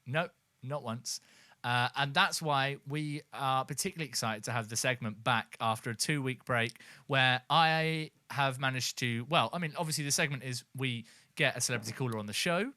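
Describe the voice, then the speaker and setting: A man's voice: medium pitch, moderate pace, bright, forceful tone, dry recording. A man co-hosting a comedy podcast, introducing segments in a hammy, announcer-like way. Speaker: podcast co-host. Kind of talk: comedic casual chat.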